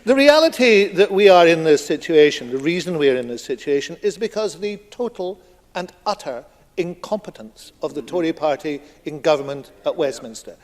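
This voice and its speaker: Emphatic minister in an echoing chamber. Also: male voice, a little high, expressive, fairly quick. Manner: emphatic, combative, rhetorical repetition. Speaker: cabinet secretary giving a ministerial statement. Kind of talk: formal parliamentary speech. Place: large parliamentary debating chamber. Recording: long reverb of a debating chamber.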